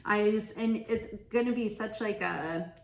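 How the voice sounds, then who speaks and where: A woman's voice: mid-range voice, measured pace, gravelly. A woman giving a casual pick-a-card tarot reading, chatty and giggly, laughing often. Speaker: tarot reader. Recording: echoey room with faint noise.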